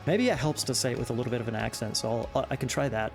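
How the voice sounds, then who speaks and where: A man's voice: medium pitch, racing, creaky, faint music behind. A man co-casting a strategy game match, talking in a chatty, musing way with lots of fillers. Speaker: esports caster. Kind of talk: game commentary.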